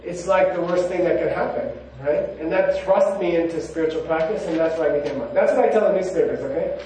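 A man's voice: a little high, fast talker, dark tone, a little hiss or hum. A man, a monk, giving a casual spiritual talk full of personal stories, rambling and conversational with many "you know"s. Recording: very echoey room, mic far off.

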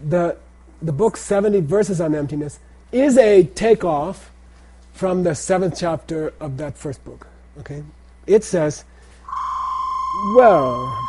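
A man's voice: a little high, slow, long pauses, darkish tone, a little hiss or hum. A man teaching a language class, drilling pronunciation by saying words and having students repeat them.

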